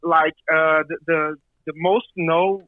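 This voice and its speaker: A man from Brazil with a Brazilian Portuguese accent, a guest musician talking casually and halting, repeating words as he searches for them, heard over a phone line. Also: fairly high pitch, fairly even intonation, no echo. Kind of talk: casual interview.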